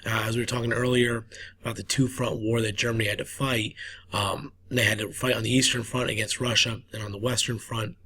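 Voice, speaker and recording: A man's voice: mid-range voice, little pitch movement, brisk, pushed and bright. A man teaching a history lesson in a casual, repetitive way with lots of fillers, coughing now and then. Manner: casual, repeats himself, many fillers. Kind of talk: recorded classroom lecture.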